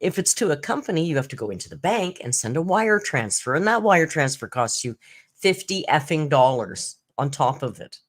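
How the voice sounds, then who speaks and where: A woman's voice: low-pitched, very animated, moderate pace. A woman hosting a casual live-stream chat, telling stories in a chatty way and acting out what others said. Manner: chatty storytelling, frequent laughs, acts out other people's lines. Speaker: YouTube commentary host.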